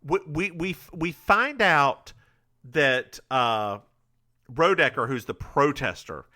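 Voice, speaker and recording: A man co-hosting a podcast, casually recapping a TV episode as an animated storyteller. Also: on the high side, slow. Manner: animated storyteller, slips into voices. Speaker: podcast co-host.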